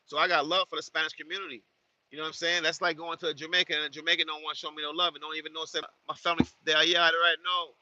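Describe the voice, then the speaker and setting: A truck-driving man talks straight to his viewers in an animated, slangy ramble, circling back on his own phrases again and again. His voice sits slightly high and rings bright and forceful. The recording is dull and lo-fi. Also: no echo. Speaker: truck driver vlogger. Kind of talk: casual monologue to viewers.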